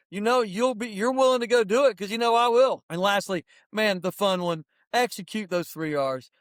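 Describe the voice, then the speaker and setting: Clean studio sound with no echo carries the smooth, fairly bright, slightly high voice of a middle-aged man. He hosts a casual motivational podcast, rattling off opinions bluntly and with preachy intensity.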